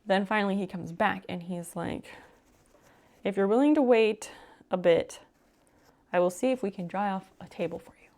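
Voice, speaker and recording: A woman's voice: mid-range voice, gravelly, a little mellow. A woman streamer telling a long story in casual chat, with lots of fillers and casual swearing. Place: home room while sewing on a live stream.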